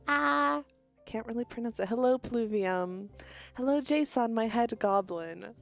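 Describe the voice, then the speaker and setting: Fast-talking young woman streamer. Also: on the high side, gravelly, soft background music. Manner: fast-talking, bubbly, frequent laughs. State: stuffy nose. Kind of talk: casual stream chat greeting viewers.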